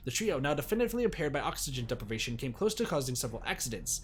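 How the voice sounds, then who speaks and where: A man streaming a visual novel, reading its text aloud in an animated way and shouting excited reactions between lines. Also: mid-range voice, racing, hardly any pauses, slight background noise.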